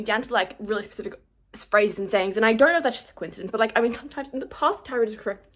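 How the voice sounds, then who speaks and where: Young woman, confessional vlog, rambling and emotional, fairly high voice, echoey room, camera a few steps off. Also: a little hiss or hum. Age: young adult. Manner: rambling, emotional, self-mocking, breaks into laughs. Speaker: vlogger. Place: indoor room. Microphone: camera some distance away.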